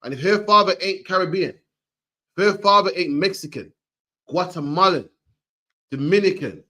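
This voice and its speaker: A man's voice: high-pitched, moderate pace, bright, forceful tone. A man giving an emphatic preaching lecture, ending his lines with "man". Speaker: street preacher.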